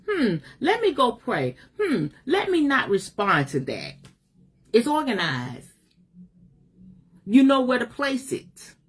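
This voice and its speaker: A middle-aged woman preaching to her followers on a livestream, blunt and emphatic, dropping slang as she lectures. Her voice sits at an ordinary middle pitch. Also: fairly bright tone, husky. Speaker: spiritual teacher. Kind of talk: livestream motivational talk.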